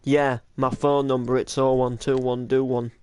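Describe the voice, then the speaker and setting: A man's voice: mid-range voice, little pitch movement, moderate pace, darkish tone. A man chatting casually as a streamer, reacting to an old video, talking easily and laughing often.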